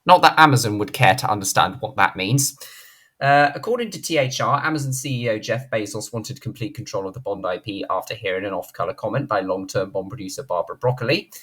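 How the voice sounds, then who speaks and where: A man's voice: fairly low pitch, quick pace, a bit bright, breathy edge. Blunt man ranting. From Britain. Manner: blunt, indignant, swears freely. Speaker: channel host, film commentator. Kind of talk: opinionated commentary monologue.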